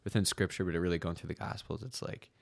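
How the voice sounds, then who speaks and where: Deep, gravelly young man. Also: steady tone, dry recording. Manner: halting, many fillers and restarts. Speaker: podcast host. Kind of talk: casual faith discussion.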